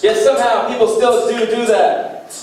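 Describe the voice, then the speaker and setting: Deadpan young man in an echoey club. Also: extremely high pitch, normal speed. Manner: deadpan one-liners with self-deprecating asides. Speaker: stand-up comedian. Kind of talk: stand-up comedy set. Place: small comedy club stage. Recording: echoey club heard from far off. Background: faint beatbox and room noise.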